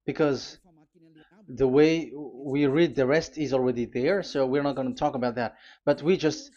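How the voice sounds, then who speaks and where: A man preaching a sermon, teaching at a board, pausing often with fillers and restarts and spelling out letters. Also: mid-range voice, darkish tone, highs cut off.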